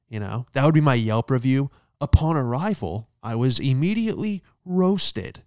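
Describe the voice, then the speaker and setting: A man's voice: mid-range voice, animated, moderate pace, darkish tone, smooth, no echo, clean studio sound. A man ranting in a brash stand-up style, profane and punchy, often checking in with "all right?" and recorded in a hotel room. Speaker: comedian.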